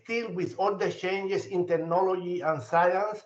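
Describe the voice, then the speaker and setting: An older physician with a Spanish accent gives a long comment, hesitating often with fillers and restarts. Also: male voice, high voice, steady tone, a little slow. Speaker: physician asking a question. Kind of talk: audience comment at grand rounds. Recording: echoey room, muffled lo-fi audio.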